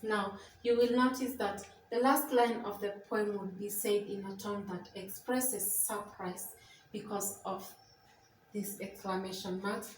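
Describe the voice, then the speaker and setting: A woman's voice: mid-range voice, distant mic, a little hiss or hum. Woman teaching poetry in an echoey room. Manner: reads verse aloud, then explains each point slowly. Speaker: English teacher. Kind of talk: poetry lesson explaining a poem.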